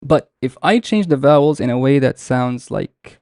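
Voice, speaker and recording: A young man teaching a beginners' Arabic lesson live online, patiently explaining letters and repeating example words slowly. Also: medium pitch, lively intonation, darkish tone, no room sound, clean studio sound.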